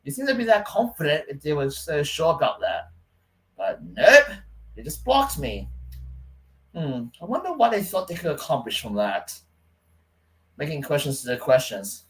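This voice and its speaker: A man vlogging a rambling rant, full of restarts and aggrieved asides. His voice sits on the higher side for a man. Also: wildly swooping pitch, moderate pace, long pauses, a bit bright, low-quality recording. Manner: rambling, stop-start, aggrieved. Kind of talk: casual rant to camera.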